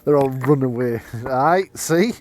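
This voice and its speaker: A man narrating as game master, relaxed, slipping into quick lines for the police officers. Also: mid-range voice.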